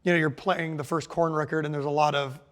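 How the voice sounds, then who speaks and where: A man's voice: fairly high pitch, little pitch movement, fast talker, a bit bright, smooth. A man in his forties, a guest musician chatting casually in an interview, loose and rambling with lots of "like" and "you know". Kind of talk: casual conversation.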